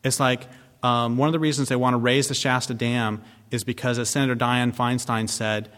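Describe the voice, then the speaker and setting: A man giving an impassioned public talk, blunt and sardonic, swearing freely and slowing down to stress key words. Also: mid-range voice, little pitch movement, fairly bright tone. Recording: long reverb of a large hall.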